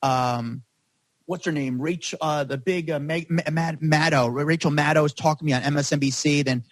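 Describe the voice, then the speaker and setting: Fast-talking male guest, loose and rambling, dry studio sound. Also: a little high, steady tone, dry recording. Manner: rapid, rambling, heavy use of "like". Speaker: paparazzo guest. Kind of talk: storytelling in a podcast interview.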